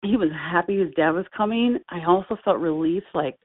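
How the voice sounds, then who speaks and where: A middle-aged woman, an interview guest, telling a personal story in a halting, heartfelt way with many fillers and restarts. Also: on the low side. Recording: tinny phone-line sound with faint music.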